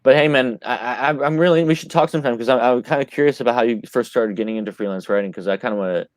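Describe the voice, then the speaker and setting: A man's voice: mid-range voice, fast talker, dry recording. A man co-hosting a casual podcast, talking with enthusiasm and often calling the others "man.". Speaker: podcast co-host and magazine publisher.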